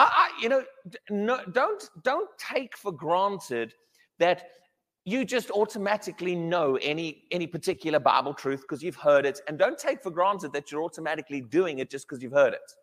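A man preaching a sermon, emphatic and animated, often restarting his words as he builds a point. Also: high voice, big-room sound.

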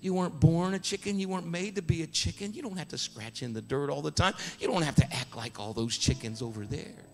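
A man voicing a gentle, earnest farmer who speaks softly and often whispers to a young bird. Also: fairly high pitch, brisk, soft background music, close to an everyday voice. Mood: urging. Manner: soft, hushed, often whispering. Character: gentle earnest male farmer coaxing an eaglet.

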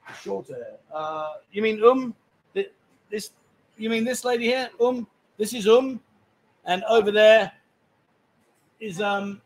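A man's voice: high-pitched, unhurried, long pauses, poor audio. Cheeky man hosting a bar stream. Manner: cheeky, bantering, loud asides. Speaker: live stream host. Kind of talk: casual live-stream banter. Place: busy bar.

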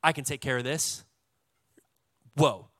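A man with a Texan accent, a pastor preaching a sermon in a lively, casual way with call-and-response. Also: mid-range voice, measured pace, dry recording.

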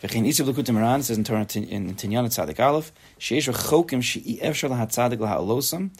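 Husky fast-talking rabbi teaching a class. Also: male voice, medium pitch. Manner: quick, animated, chatty with students. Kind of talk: informal Torah class.

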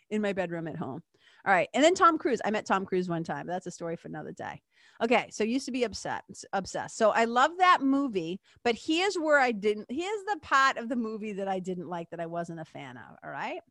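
A woman's voice: mid-range voice, a bit bright, no echo, studio quality. A woman in her fifties hosting her own podcast, chatting casually and animatedly, acting out silly voices and swearing freely. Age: 50s. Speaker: podcast host. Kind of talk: casual solo podcast talk.

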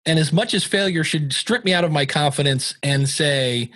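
A man talking as a guest in a podcast interview. He tells his stories in an animated way and acts out what people said. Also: on the high side, normal speed, dry recording. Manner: animated storyteller who acts out quoted dialogue. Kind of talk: conversational interview.

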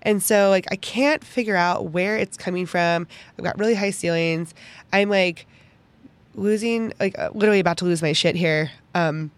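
A young woman hosting a podcast, telling a personal story in an animated, chatty way full of "like" fillers. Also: lowish voice, moderate pace. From Pittsburgh, United States. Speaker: podcast host.

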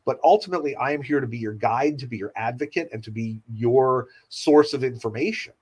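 Earnest husky-voiced man surgeon. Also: medium pitch, darkish tone, rough recording. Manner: earnest, measured, reassuring. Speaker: pediatric surgeon. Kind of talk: podcast conversation.

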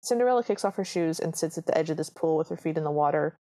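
A woman's voice: low-pitched, expressive, racing, dark tone. A woman co-hosting a podcast, recapping a movie in casual chat. She sounds sarcastic and exasperated. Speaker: podcast co-host.

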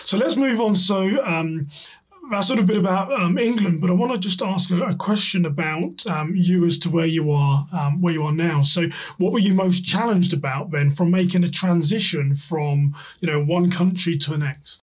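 A man's voice: high-pitched, normal speed. A man hosting an interview, chatting casually and relating his own stories before asking questions. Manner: chatty, relaxed, many fillers. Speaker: podcast host.

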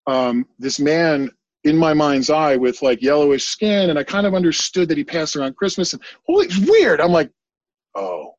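Man, podcast guest, husky voice, dry close sound, rambling, animated, casual swearing. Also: a little high, no room sound, dull audio. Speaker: guest psychic medium. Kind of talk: casual storytelling in a podcast interview.

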